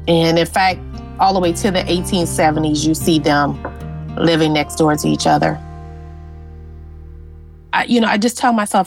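A woman's voice: fairly low pitch, normal speed, over music, rough recording. Earnest woman telling her family story. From Louisiana. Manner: earnest and animated, with fillers. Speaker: interviewee, genealogist. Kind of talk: personal storytelling.

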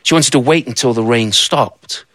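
A man's voice: mid-range voice, normal speed, a bit bright, no room sound. A man telling a folktale aloud, with conversational asides to the listener. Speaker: storyteller. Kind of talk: told folktale.

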